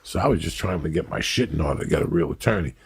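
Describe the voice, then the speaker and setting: A middle-aged man hosting a podcast, telling a story in a profane, animated way. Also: a bass voice, racing, vocal fry, breathy edge. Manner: profane, animated storyteller acting out other people's voices. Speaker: podcast host. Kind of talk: storytelling in casual chat.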